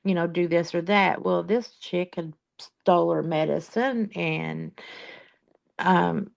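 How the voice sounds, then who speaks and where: A woman's voice: fairly low pitch, takes it slowly, vocal fry. A woman chatting in a casual group discussion about caring for a relative, rambling with lots of fillers. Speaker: family caregiver in discussion. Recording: dull lo-fi sound.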